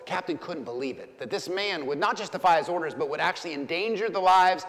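A male pastor preaching in a fairly high voice, building each point with emphatic, rhythmic repetition. He sounds like a storyteller, and his voice hangs in the long reverb of a large church sanctuary. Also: expressive, fast, hardly any pauses, a bit bright. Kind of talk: sermon.

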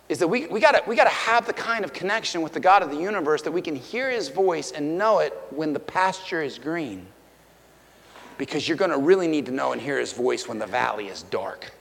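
A man in his forties preaching a sermon in a church, emphatic and swinging between loud declarations and hushed stretches. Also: high-pitched. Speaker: pastor. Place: church auditorium. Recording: long hall reverb.

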